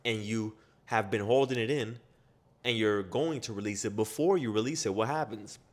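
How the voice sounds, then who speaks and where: A man delivering a self-improvement pep talk in a somewhat low voice. He is blunt and profane, and he hammers his points home with strings of quick rhetorical questions. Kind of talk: motivational monologue.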